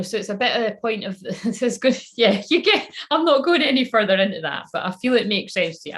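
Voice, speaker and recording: A woman chats loosely on a live channeling stream. She rambles from one thought to the next, swears without a second thought, and speaks directly to the people watching. Her voice sits at a middle pitch. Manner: rambling, swears freely, talks straight to viewers. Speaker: spiritual channeler.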